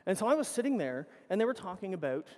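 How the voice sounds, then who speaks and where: Middle-aged male speaker, slightly high voice, loose and profane storytelling, big echoing hall. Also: big pitch swings, quick pace, a little mellow. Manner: casual, profane, rambling with self-corrections. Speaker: conference speaker. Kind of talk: anecdotal conference talk. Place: large conference hall. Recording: reverberant conference hall.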